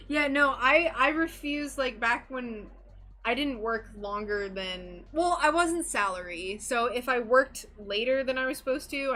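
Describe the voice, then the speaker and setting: A woman's voice: on the high side, pushed and bright. A young woman chatting casually with her live-stream viewers while she works, bubbly and gushing. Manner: bubbly and gushing, talks to chat. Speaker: stained glass streamer.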